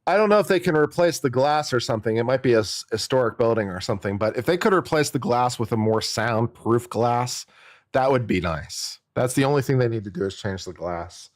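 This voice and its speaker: A man's voice: mid-range voice, expressive, a little fast, dry recording, studio quality. A man, an attorney, giving casual and jokey live-stream commentary, musing aloud and often repeating himself.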